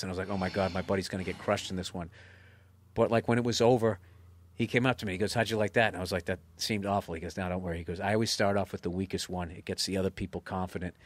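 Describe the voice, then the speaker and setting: A man tells a story in casual podcast chat. He is profane and animated, dropping to low mumbles and then bursting out excited. The room sounds dry and close. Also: no echo. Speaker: comedian guest.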